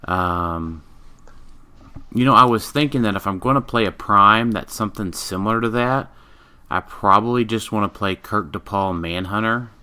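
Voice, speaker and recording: A man co-hosting a podcast, reviewing game pieces in casual chat, halting and full of ums, a bit tired. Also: fairly low pitch, sharp tone, smooth. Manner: halting, many ums, reads card stats aloud. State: yawning, tired. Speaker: podcast co-host.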